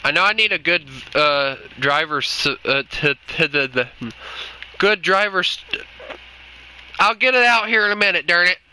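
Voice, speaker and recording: A man's voice: high voice, animated, normal speed, sharp tone, rough recording. A man with a Southern US accent giving joking, rambling commentary while he plays a video game. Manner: joking, rambling, self-mocking. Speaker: gaming streamer. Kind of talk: casual gameplay commentary. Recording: game noise behind.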